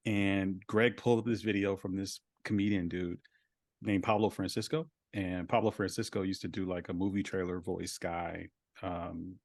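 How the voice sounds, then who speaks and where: A man's voice: fairly low pitch, no echo, studio quality. A man, a voice actor guest, talking over a video call in a casual interview, reflective and full of filler words.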